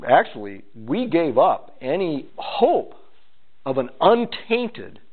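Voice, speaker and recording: A man's voice: a little high, sing-song, takes it slowly. A man preaching an expository sermon, with pointed asides to his listeners. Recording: tinny phone-like sound.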